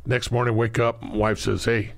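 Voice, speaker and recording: A man's voice: medium pitch, level tone, normal speed, gravelly, fairly bright tone. A middle-aged man telling blunt, profane family stories on a podcast, laughing as he goes. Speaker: podcast guest. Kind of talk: casual podcast storytelling.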